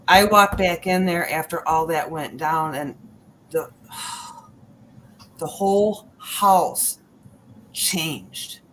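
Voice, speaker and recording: A woman's voice: lowish voice, slight background noise. A woman guest telling personal stories on a podcast, acting out voices and sounds as she goes. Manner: animated storyteller acting out quotes. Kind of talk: storytelling on a paranormal podcast.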